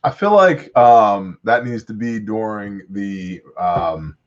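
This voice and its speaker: A man's voice: fairly low pitch, animated, slow pace, highs cut off. A man hosting a casual live stream, joking loosely and laughing often. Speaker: host.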